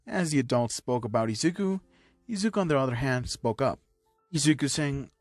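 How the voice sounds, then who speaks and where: A man reading a fan story aloud in a plain, steady narrating manner. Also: medium pitch, a little fast, dry recording.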